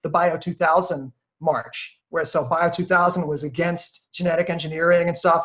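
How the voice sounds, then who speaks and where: A man guest on a podcast, telling animated stories in a chatty way, full of fillers and restarts. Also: a little high. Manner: lively, acts out quoted voices. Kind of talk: animated storytelling. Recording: dull lo-fi audio.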